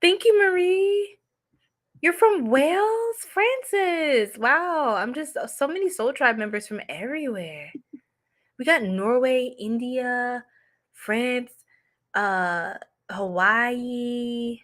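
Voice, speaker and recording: A young woman with a fairly high voice chats to her live viewers in a loose, giggly way. She tells stories fast and fills them with likes and ums. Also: expressive, fairly bright tone. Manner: chatty and giggly, many fillers, quick storytelling. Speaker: psychic reader and livestream host. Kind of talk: casual livestream chat.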